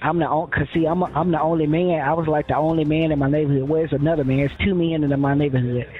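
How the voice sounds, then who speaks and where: A man's voice: fairly high pitch, steady tone, quick pace. A man telling his story in a rambling way, quoting other people, with many fillers and restarts, in a phone interview. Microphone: phone line. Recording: tinny phone line with faint music.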